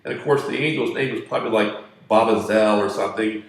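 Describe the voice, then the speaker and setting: A man's voice: fairly low pitch, quick pace. A man telling a crude, profane, joking story in a rambling monologue. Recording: echoey room.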